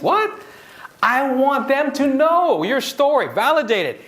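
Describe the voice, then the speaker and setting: A man's voice: very high voice, unhurried. Hawaii guy in his 40s giving a pep talk on stage, jokey, voice bounces way up and down. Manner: animated, joking, acts out quotes. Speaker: motivational speaker. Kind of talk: live motivational talk.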